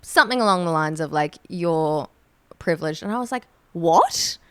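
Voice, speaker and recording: A woman's voice: low voice, brisk, clean tone, no room sound, clean studio sound. A young woman hosting a podcast, telling a story with lots of laughs and some swearing. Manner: animated storyteller who laughs a lot and swears. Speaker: podcast host. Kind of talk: casual chat, telling a story.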